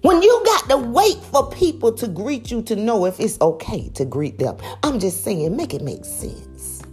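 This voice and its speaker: A woman giving a preachy motivational talk, emphatic and full of rhetorical questions, swinging from loud high exclamations to low quiet asides. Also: big pitch swings, a little slow, faint music behind. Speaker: motivational speaker.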